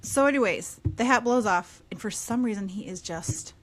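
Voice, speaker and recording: A woman in her thirties, a podcast guest, telling a story animatedly in casual conversation and dropping into quieter asides. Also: mid-range voice, normal speed.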